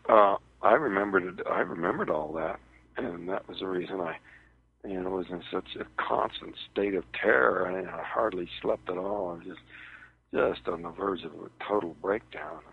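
A man recounting a personal ordeal as an interview guest, in a halting, hesitant way, heard over a tinny phone line on radio. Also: low-pitched, vocal fry, slightly rough.

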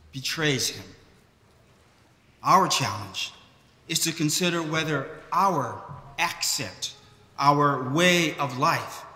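Slow-preaching man in an echoey church. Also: on the high side, bright, forceful tone. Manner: slow, measured preaching with occasional restarts. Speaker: priest. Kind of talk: sermon. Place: large church.

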